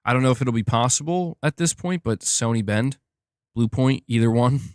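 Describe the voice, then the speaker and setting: A man's voice: mid-range voice, moderate pace, no room sound. Rambling young man on a dry mic. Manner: rambling, many "like" fillers and restarts. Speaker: gaming news streamer. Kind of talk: casual live-stream chat reading viewer comments.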